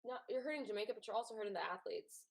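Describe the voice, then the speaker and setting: A woman's voice: medium pitch, rapid-fire, vocal fry. A woman hosting a casual sports chat, talking in a loose, chatty way with many fillers. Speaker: host.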